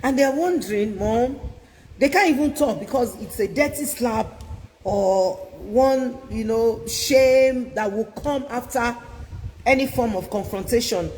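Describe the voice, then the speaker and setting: A woman's voice: on the high side, a little slow, a little mellow, in a large hall, a little hiss or hum, rough recording. A woman giving an emphatic, preacherly talk on parenting as a family therapist, pressing her points with rhetorical questions. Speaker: family therapist and inspirational speaker.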